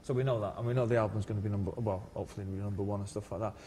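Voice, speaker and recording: A man talks quickly and loosely in a casual interview, tripping over repeated words and chuckling as he goes. His voice carries a long reverb tail, as if recorded in a roomy space. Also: lowish voice, fairly even intonation, warm tone, slight background noise. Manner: rambling, repeats words and laughs between stories. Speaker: musician guest.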